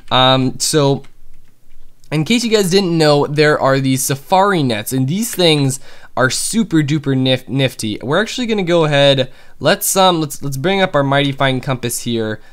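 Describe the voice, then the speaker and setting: A young man chatting casually through gameplay commentary, excitable and full of fillers. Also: on the high side, moderate pace, smooth. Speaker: gaming YouTuber.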